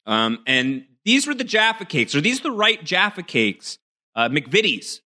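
A man talks through a casual snack taste test on a podcast. He's recorded over a video call and rambles cheerfully, filling the gaps with ums and likes. His voice is very bright and forward. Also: a little high, sing-song, measured pace. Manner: chatty, self-mocking, thinks aloud with many fillers. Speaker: podcast co-host.

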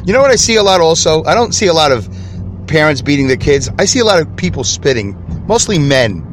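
A man's voice: on the high side, big pitch swings, brisk. A man hosting an unscripted solo podcast from inside his car, chatty and rambling, easily sidetracked. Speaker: podcast host. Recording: car interior with traffic noise. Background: traffic and street noise.

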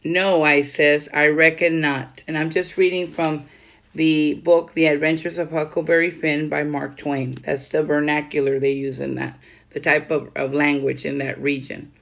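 A woman podcast host with a low, gravelly voice reads steadily from a writing guide in a flat delivery at a moderate pace. She breaks off now and then for loose conversational asides.

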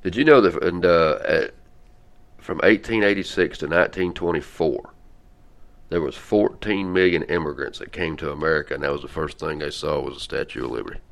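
A man hosting a podcast, chatting casually in a rambling, halting way with lots of fillers. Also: very deep voice, gravelly. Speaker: podcast host. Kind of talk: casual chat.

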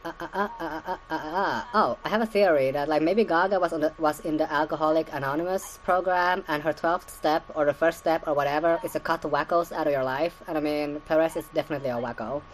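Low-voiced woman rambling through podcast gossip. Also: quick pace, few pauses, low-quality recording. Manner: profane, filler-heavy, laughing asides. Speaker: podcast recap host. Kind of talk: casual rambling podcast commentary.

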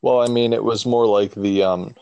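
Low-voiced man telling rambling stories. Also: fairly even intonation, normal speed, creaky, darkish tone, clear, resonant tone, dry recording. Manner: rambling storytelling with many restarts and profanity. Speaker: podcast co-host; father. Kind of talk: casual podcast chat.

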